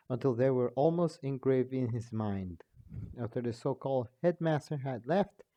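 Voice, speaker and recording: A man's voice: medium pitch, mellow. A young man casually reading a fan story aloud, stumbling and restarting, on a dull lo-fi home mic. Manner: slow, stumbling, restarts often. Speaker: fan fiction reader and narrator.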